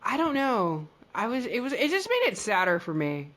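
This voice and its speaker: A woman's voice: on the high side, wildly swooping pitch, moderate pace, a bit bright. A woman co-hosting a podcast, recapping a TV episode in a chatty, rambling way full of fillers. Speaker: podcast co-host. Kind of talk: casual episode recap chat.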